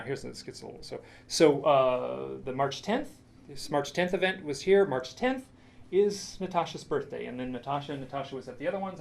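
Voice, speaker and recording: A man's voice: medium pitch, vocal fry, slight background noise. A man presenting a lecture with slides, telling a story with enthusiasm, many restarts and asides.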